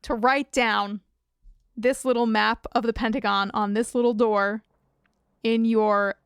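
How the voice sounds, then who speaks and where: A woman's voice: a little high, fairly even intonation, a little slow, clean tone, dry recording. A woman co-hosting a rewatch podcast, recapping the episode with a wry, dry humor. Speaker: podcast co-host. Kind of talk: casual episode recap chat.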